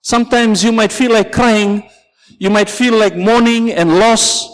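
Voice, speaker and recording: A man's voice: high-pitched, steady tone, unhurried, big-room sound, rough recording. A man preaching a sermon as pastor, telling a story and calling out "Amen" and "Praise the Lord" to his congregation.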